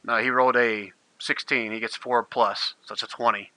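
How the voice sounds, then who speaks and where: A man's voice: mid-range voice, steady tone, normal speed, bright, forceful tone, no echo, poor audio. A man running a tabletop game as game master, narrating fights with vivid, gleeful detail.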